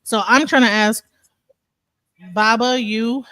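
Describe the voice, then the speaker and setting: A man's voice: extremely high pitch, steady tone, takes it slowly, sharp tone, no room sound. Rambling man hosting a panel, dry sound. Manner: rambling, many restarts and fillers. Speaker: show host. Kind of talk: casual panel talk.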